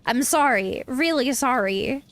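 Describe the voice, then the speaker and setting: A woman's voice: high voice, animated, measured pace, a bit bright, slight background noise. A woman reading aloud the lines of a chatty male monster comedian from a game, earnest and self-pitying.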